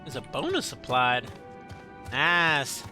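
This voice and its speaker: A man's voice: on the high side, huge pitch swings, slow pace, bright, forceful tone. A man streaming a game and chatting with his viewers in a joking, self-deprecating way. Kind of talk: casual live-stream chat while playing. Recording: game music playing clearly behind.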